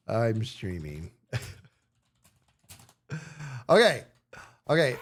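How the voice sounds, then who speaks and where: A man chats casually with his viewers during a livestream. His voice sits a little high and swings widely in pitch as he jokes, teasing himself along the way. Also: normal speed, long pauses. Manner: playful, animated, self-mocking. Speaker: streamer.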